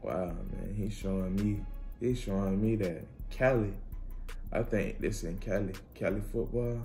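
A young man, bursting into loud exclamations over the plays. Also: lowish voice, fairly even intonation, unhurried, soft background music. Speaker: reaction channel host. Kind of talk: casual sports highlight reaction.

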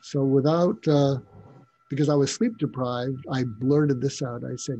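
An older man, a psychiatrist and interview guest, telling stories in a reflective, halting way with frequent restarts. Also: medium pitch, dark tone, breathy edge, highs cut off. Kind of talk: storytelling in a conversational interview.

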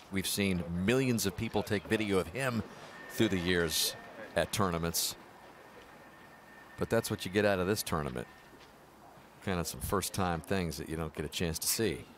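A man commentating on golf with a relaxed, enthusiastic conversational manner. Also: sits low, normal speed, background noise. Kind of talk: broadcast commentary.

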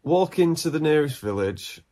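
A man co-hosting a comedy podcast, telling stories in an animated, incredulous way. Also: a little high, normal speed. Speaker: podcast co-host. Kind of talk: casual comedic chat.

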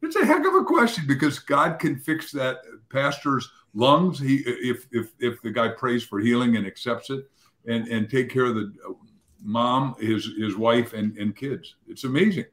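A man's voice: mid-range voice, expressive, moderate pace, fairly bright tone. Male author guest telling anecdotes. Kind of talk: interview talk.

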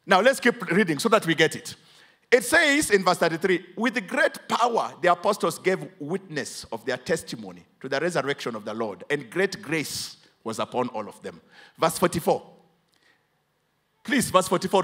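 Kenyan male pastor, high-pitched and animated, dramatic call-and-response preaching. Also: slightly rough. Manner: preaching, switches between English and Swahili; dramatic, swings from hushed to loud emphatic. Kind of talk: sermon with congregation call-and-response.

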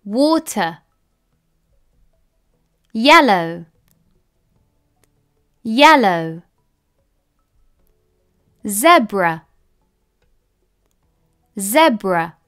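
Slow, bright-voiced woman teacher. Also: medium pitch, big pitch swings, clean tone, soft background music. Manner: says each word twice with long pauses, careful and deliberate. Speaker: English teacher. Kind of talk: slow, clearly enunciated word-list reading.

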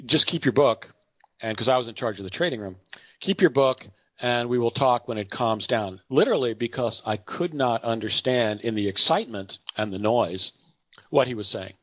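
A man's voice: mid-range voice, a little fast, no echo. Guy rambling thru market commentary, lots of asides n self-corrections, dry dull recording. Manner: chatty anecdotal storyteller. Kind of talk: unscripted market commentary monologue.

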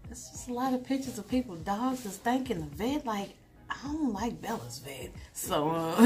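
A woman's voice: a little high, a little mellow. A young woman chatting emotionally with viewers, vlogging on a handheld phone inside an animal hospital. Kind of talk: casual vlog chat.

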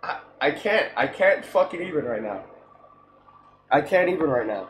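A man vlogging in casual chat, swearing a lot and getting loudly excited. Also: a little high, moderate pace, long pauses, slight background noise.

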